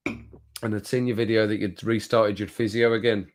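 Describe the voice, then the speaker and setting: A man's voice: on the low side, level tone, normal speed. A man hosting a casual live stream, chatting and reading viewer comments aloud with frequent laughter.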